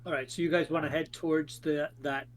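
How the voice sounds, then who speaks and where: Man running a tabletop game, higher voice. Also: steady tone. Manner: halting, many restarts and fillers. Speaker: game master.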